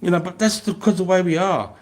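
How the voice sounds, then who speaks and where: A man's voice: high-pitched, steady tone, brisk, a little mellow. An Australian man in his thirties, chatting casually on a livestream, telling rambling stories and swearing freely. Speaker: livestream guest. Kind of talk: casual chat.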